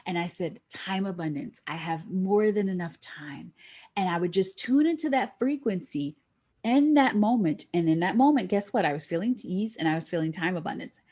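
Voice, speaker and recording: A middle-aged woman guest telling a lively story in a podcast interview, acting out the voices of the people she quotes. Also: normal speed. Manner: animated, acts out quoted voices with big pitch jumps.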